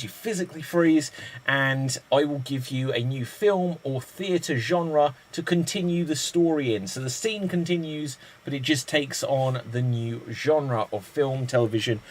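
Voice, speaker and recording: Brisk improv host, man, slightly high voice. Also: low-quality recording. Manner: brisk, calls on players by name. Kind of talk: hosting an online improv game.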